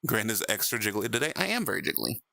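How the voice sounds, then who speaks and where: A young man streaming in VR, chatting casually with viewers, animated and laughing often. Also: lowish voice, fast, gravelly, no room sound. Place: VR chat stream at home.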